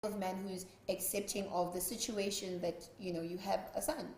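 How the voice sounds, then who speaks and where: A woman's voice: mid-range voice, fairly even intonation, fairly quick, darkish tone. A woman hosting a TV show, asking interview questions and announcing segments in a direct, upbeat way. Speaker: host. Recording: roomy sound with faint noise.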